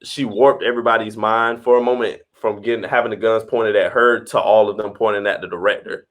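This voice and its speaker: A man co-hosting a podcast, thinking aloud in a relaxed, casual chat. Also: on the low side, brisk. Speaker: podcast co-host.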